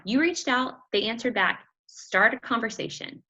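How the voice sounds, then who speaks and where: A woman giving energetic, chatty motivational coaching talk to a group, often acting out quotes. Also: a little high, moderate pace, dull audio. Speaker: fitness business coach.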